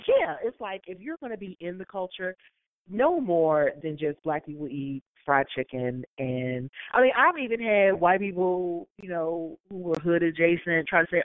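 Animated woman telling stories over a tinny line. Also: lowish voice, normal speed, no room sound. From Maryland, USA. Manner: animated storyteller who acts out quotes in other voices. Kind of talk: casual chat. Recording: dry, tinny phone-like sound.

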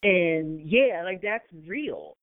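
A woman's voice: fairly low pitch, extremely slow, no echo. A woman chatting casually as a podcast co-host. She tells stories with energy and acts out other people's lines in changed voices. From Maryland, USA. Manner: animated storyteller who acts out quotes in other voices. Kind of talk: casual chat. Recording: dry, tinny phone-like sound.

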